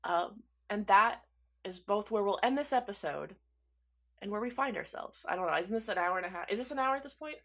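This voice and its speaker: A woman's voice: medium pitch, expressive, fairly quick. Woman narrating as game master. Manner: casual, laughing asides, swears.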